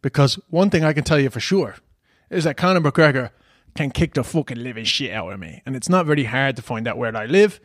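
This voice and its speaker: A man's voice: mid-range voice, animated, a little fast, dry recording, clean studio sound. A man with a Dublin accent telling a rambling, swear-laden story in a casual, self-amused way. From Ireland.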